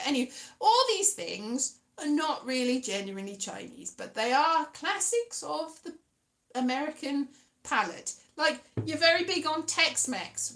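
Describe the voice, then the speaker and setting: A woman's voice: sits high, a bit bright, echoey room. A British woman rambling casually to camera, chatty and self-mocking, with frequent restarts and trailing asides. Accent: British English. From Britain. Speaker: vlogger.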